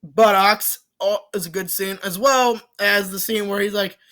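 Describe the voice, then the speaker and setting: Super bright voice, rambly movie review at home, lots of ums and self-corrections. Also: medium pitch, fairly even intonation, unhurried. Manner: rambling, many fillers and restarts, swears casually. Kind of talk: casual rambling film review.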